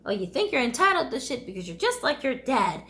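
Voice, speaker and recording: Woman doing a shrill nagging mother. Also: very animated, a little fast, bright, forceful tone, slight background noise, heavily acted. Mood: scolding. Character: nagging, ranting middle-aged mother.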